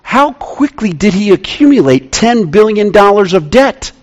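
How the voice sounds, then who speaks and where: Emphatic male pastor with lively pitch. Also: muffled recording. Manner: emphatic, repeats key phrases for weight; drops to quiet, slow delivery on key lines. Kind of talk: sermon. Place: church sanctuary with congregation.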